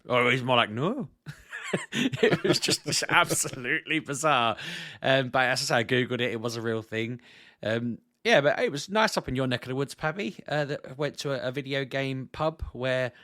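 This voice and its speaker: A man co-hosting a podcast, telling rambling stories in a chatty, animated way and laughing often. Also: mid-range voice, brisk, no room sound, studio quality. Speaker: podcast co-host. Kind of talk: casual podcast chat.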